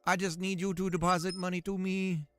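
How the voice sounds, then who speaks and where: A man's voice: high-pitched, level tone, a little fast, clear, resonant tone, no room sound, faint music behind, lightly acted. A man voicing a pushy, greedy male phone scammer in a mocking, sing-song put-on Jamaican accent. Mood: wheedling.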